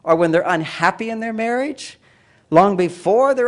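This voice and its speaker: A man with a slightly higher-pitched voice delivers a lecture-style talk. He hammers his points home with repetition and slips into animated put-on voices for the people he quotes. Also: normal speed. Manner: acts out quoted voices with raised pitch and emphasis; repetitive, emphatic phrasing.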